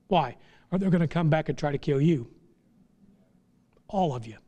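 A middle-aged man preaching a sermon from the pulpit, his voice sitting notably high for a man. He talks in a folksy, plainspoken way, then climbs into fervent, impassioned stretches. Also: expressive, moderate pace, pauses often, a little mellow. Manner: folksy, rises to impassioned crescendos. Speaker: pastor.

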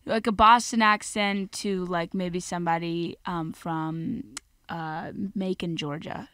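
A woman's voice: on the low side, steady tone, slow, a bit bright, clear, resonant tone, no echo, clean studio sound. A woman co-hosting a podcast, rambling through playful jokes in casual chat. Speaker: podcast co-host.

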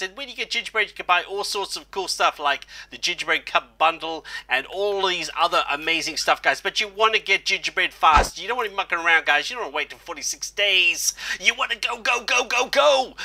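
A man hosting a game walkthrough video, talking energetically, calling out "guys" constantly and punctuating with quick exclamations. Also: sits high, pushed and bright, slight background noise. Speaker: gaming channel host. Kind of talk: excited game walkthrough commentary.

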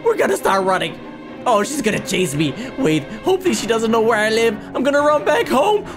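A man hosting a let's-play gaming video, narrating with excitable, panicky yelps and jokes. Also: extremely high pitch, a little fast, over music. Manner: excitable, panicky yelping and joking.

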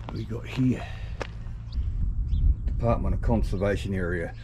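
A man with a lowish voice vlogs unhurriedly as he walks outdoors among rocks, chatting casually and enthusiastically to his viewers as a travel vlogger. The background is noisy.

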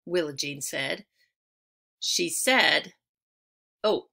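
A woman's voice: low-pitched, extremely slow, gravelly, sharp tone. A woman reading a children's chapter book aloud, telling it expressively and lingering on key words. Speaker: audiobook reader.

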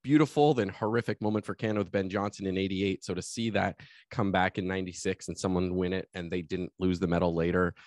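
A man's voice: sits low, steady tone, fast, darkish tone, no echo, clean studio sound. A man hosting a podcast, also a coach, talking with enthusiasm in long flowing thoughts. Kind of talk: casual interview chat.

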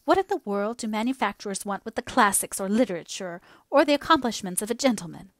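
A woman's voice: mid-range voice, lively intonation, fast, no echo, clean studio sound, lightly acted. A woman voicing a proud young woman in an audiobook, pleading and emotional. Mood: scornful. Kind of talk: audiobook character voice.

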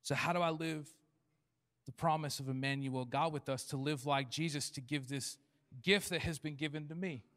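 Pastor guy preaching, kinda high voice, jokey, big echoey church hall. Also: steady tone, normal speed, a bit bright. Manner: humorous, acts out short dialogues. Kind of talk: sermon. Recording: long church hall reverb.

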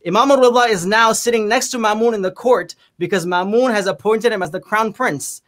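High-voiced, fast-talking male storyteller. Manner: lively, vivid retelling of a historical story. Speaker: panelist. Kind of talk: religious storytelling in a panel discussion.

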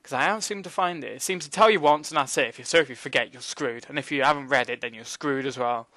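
A young man giving casual, excitable commentary while playing a game, joking and swearing at what happens on screen. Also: mid-range voice, fast, no echo. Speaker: gaming commentator.

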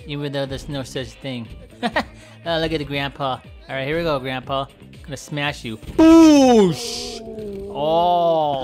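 A man hosting a gameplay video, giving playful, goofy commentary that keeps breaking into yelps and shouts. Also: on the high side. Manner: goofy, trash-talking, yelps and shouts often. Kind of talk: playful let's-play commentary.

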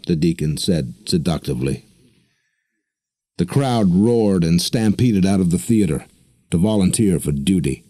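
A man narrating an audiobook in a steady, even storytelling manner. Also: deep voice, moderate pace, dry recording. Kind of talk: scripted narration.

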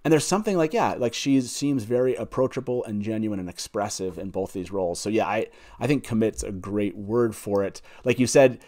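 A man with a fairly low voice hosts a casual panel discussion. He is agreeable and keeps passing the floor to his guests. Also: lively intonation, fairly quick, few pauses, darkish tone. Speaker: podcast host.

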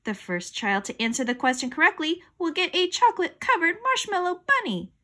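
A woman's voice: very high voice, sing-song, fairly quick, bright, forceful tone, pitched above the performer's own voice, heavily acted. A woman reading a storybook aloud, voicing a male school principal who runs a quiz game for children. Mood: cheerful.

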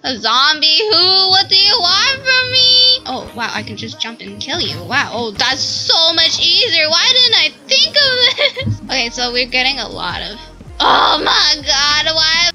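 High, lively excitable woman gamer. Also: a little slow, low-quality recording. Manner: excitable, squealing and laughing often. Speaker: gaming video host. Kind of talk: excited let's-play commentary. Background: background music.

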